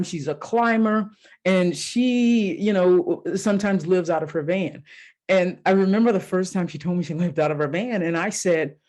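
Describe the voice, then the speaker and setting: A woman's voice: on the low side, a little mellow. A woman coach hosts her podcast alone and talks straight to the listener. She tells her stories in a loose, candid way, with a swear word here and there. Now and then she acts out her own inner voices. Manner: casual and candid, with mild swearing. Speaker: life coach and podcast host. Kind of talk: solo podcast monologue.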